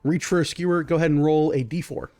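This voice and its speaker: A man narrating a tabletop game as game master, spinning vivid and slightly gross scenes in a loose, improvised flow. His voice sits a little above the usual pitch for a man. Faint music plays underneath. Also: fairly even intonation, fast talker, warm tone. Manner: vivid, loose storytelling with many fillers.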